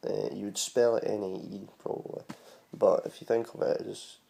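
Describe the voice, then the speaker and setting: A man's voice: lowish voice, steady tone, normal speed, gravelly, warm tone. A man with a Scottish accent, chatting casually as he explains how to say local words and spells them out letter by letter. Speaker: vlogger teaching Scottish words.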